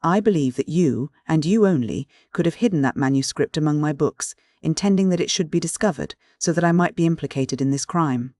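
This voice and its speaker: A narrator voicing a contemptuous young English gentleman who answers promptly and coldly. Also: medium pitch, a little fast, few pauses, no room sound, studio quality, natural voice. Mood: cold contempt.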